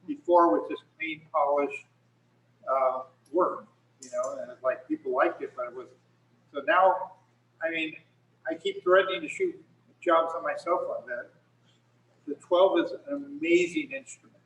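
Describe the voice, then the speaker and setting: A man's voice: fairly high pitch, lively intonation, normal speed, a bit bright, recorded from a distance. A middle-aged man, a photographer, telling rambling stories in casual talk on a video call with many restarts. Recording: echoey room, speaker off mic.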